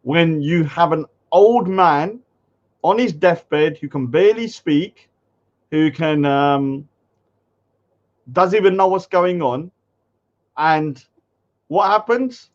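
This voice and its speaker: A man's voice: slow, pauses often. Scornful man on a stream. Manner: scornful, mocking, mimics commenters in a high voice. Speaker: livestream commentator. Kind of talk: casual livestream commentary. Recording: dull lo-fi stream audio.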